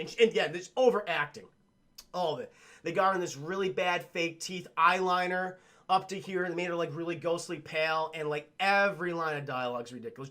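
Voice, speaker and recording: A man's voice: on the high side, fast talker, bright, forceful tone. A man reviewing a film on a livestream, rambling and swearing as he talks to his chat.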